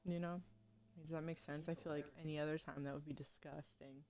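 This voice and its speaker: A woman's voice: sits low, level tone, brisk, a crowd in the background, poor audio. A young woman streamer chatting casually while she eats, blunt and profane, laughing easily.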